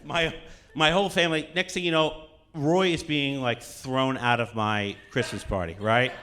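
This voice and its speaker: A man's voice: mid-range voice, steady tone, moderate pace, pushed and bright, a little hiss or hum. A man telling a rambling, profane comic story live on stage, laughing as he goes. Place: on stage at a cultural center.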